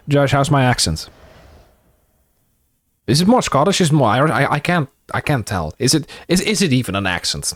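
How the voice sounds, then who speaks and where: A man's voice: medium pitch, big pitch swings, normal speed, long pauses. A young man streaming a game, casual and self-mocking, swearing freely. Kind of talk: let's-play commentary.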